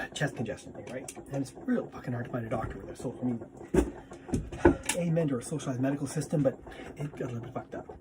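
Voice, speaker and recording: A man's voice: mid-range voice, noisy background. A man vlogging in a casual, rambling monologue, swearing freely and asking "right?" as he goes.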